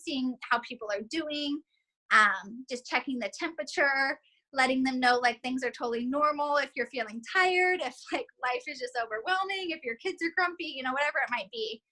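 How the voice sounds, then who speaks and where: Her voice is high-pitched, pushed, and bright, though the audio quality is poor. She's a team leader in her thirties with four kids, talking casually and cheerfully to her team on a group call and filling her speech with fillers.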